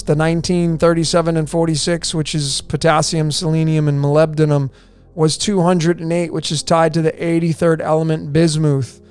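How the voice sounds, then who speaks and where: A man's voice: on the high side, darkish tone, clean tone. A man presenting a conspiracy-style decoding video, emphatic and repetitive, firing off rhetorical questions and answering them himself.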